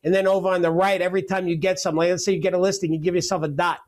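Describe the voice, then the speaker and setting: High-voiced energetic male real estate coach. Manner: energetic, joking, rapid-fire. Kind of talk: webinar teaching.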